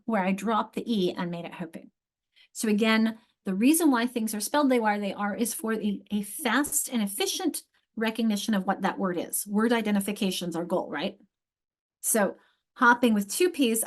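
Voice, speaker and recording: A woman giving a training lecture on spelling and word structure to teachers. She explains in a conversational way, stretches out example words to show how they sound, and checks in with "isn't it?". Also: mid-range voice. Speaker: literacy instructor.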